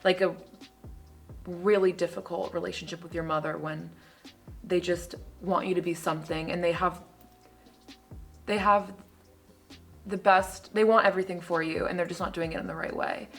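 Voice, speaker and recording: A woman's voice: fairly low pitch, normal speed, creaky, long pauses, faint music behind. A young adult woman talking as a guest in an interview, telling stories casually with lots of filler words. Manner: casual, animated storytelling with many fillers. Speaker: guest poet.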